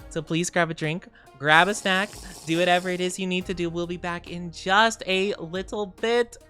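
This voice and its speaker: A woman's voice: fairly low pitch, fairly even intonation, normal speed, fairly bright tone, faint music behind. A woman streamer chatting casually and playfully with her viewers, greeting them by name. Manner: playful sing-song asides. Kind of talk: casual livestream chat.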